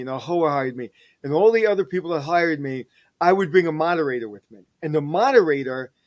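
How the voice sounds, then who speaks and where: Energetic middle-aged man telling stories. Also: a little high. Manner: energetic, animated storyteller who digresses. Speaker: interview guest, hospitality executive. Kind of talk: casual storytelling interview.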